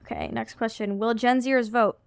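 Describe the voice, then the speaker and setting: A young woman co-hosting a chatty podcast, her voice bright and very clear, a little high, leaning on "like" as she talks. The recording is dry and close, with no room sound. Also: steady tone, normal speed, dry recording. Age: young adult. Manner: chatty, full of "like", mimics voices in anecdotes. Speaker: podcast co-host. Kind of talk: casual chat.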